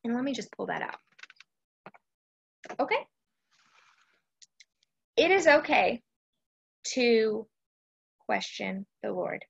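A woman's voice: on the high side, animated, slow, gravelly, long pauses, husky, lo-fi sound. A woman from Texas, hosting a casual devotional live stream chat and often checking in with her listeners. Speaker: host of a faith chat.

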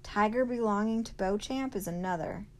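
A woman's voice: medium pitch, normal speed, close to an everyday voice. Woman reading as a blunt, plainspoken older woman.

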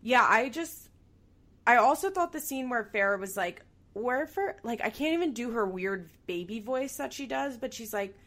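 A woman's voice: a little high, moderate pace. Chatty woman podcaster, lots of "like". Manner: chatty, animated, swears casually, laughs often. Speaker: podcast co-host. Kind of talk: casual chat recapping a reality show.

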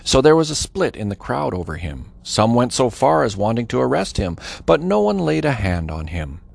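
Male reader for scripture audio, gravelly texture, lively melodic reading, dramatic delivery. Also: medium pitch, moderate pace. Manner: dramatic, varied delivery with voiced quotes.

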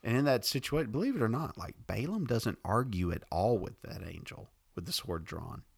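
Animated, rambling male podcast host. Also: lowish voice, normal speed, gravelly, slightly rough. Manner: animated, rambling, laughs often. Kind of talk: casual chat, comic Bible retelling.

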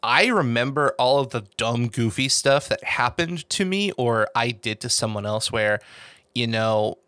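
A man hosting a podcast, telling stories in casual conversation and acting out other people's lines in lively voices. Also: mid-range voice, a little slow, clear, resonant tone, dry recording. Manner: animated storyteller who acts out quoted voices. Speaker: podcast host.

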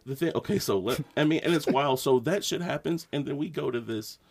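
A man's voice: mid-range voice, fairly quick, slightly rough. A young man co-hosting a casual podcast, telling a story with lots of laughter and acted-out quotes. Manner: animated storyteller, laughing, acting out shouted quotes. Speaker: podcast co-host. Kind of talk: casual chat.

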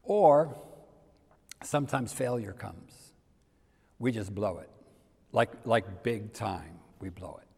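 An older man preaching a sermon in a conversational way, dropping to soft near-whispers for emphasis. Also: lowish voice, takes it slowly, creaky, pauses often, slightly rough. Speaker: pastor. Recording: reverberant hall.

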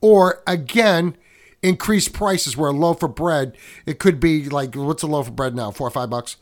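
A man's voice: on the high side, moderate pace. A man co-hosting a podcast in casual chat, rambling and correcting himself, often leaning on movie references. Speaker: podcast co-host.

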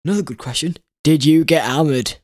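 A young man, co-hosting with his father and teasing him in a deadpan way with short answers. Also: a little high, a little fast, no room sound, clean studio sound. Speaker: host's son, co-host.

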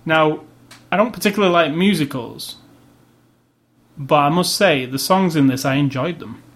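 A man co-hosting a casual movie review podcast, opinionated and halting, often repeating words as he gathers his thoughts. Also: a little high, a bit bright. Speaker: podcast co-host.

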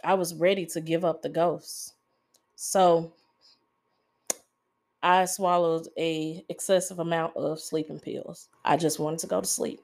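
A woman hosting a podcast, speaking in a confessional monologue, halting and emotional, pausing often and holding back tears. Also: low voice, flat delivery, gravelly, darkish tone. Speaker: podcast host.

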